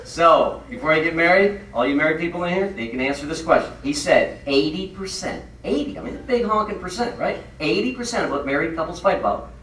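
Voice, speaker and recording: A man's voice: fairly high pitch, expressive, a little fast, few pauses, a little hiss or hum. A man telling comic stories on stage to a live audience, acting out the dialogue with shifting voices. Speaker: comedic speaker. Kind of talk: storytelling stand-up on stage. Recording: echoey hall, mic at a distance, loud audience.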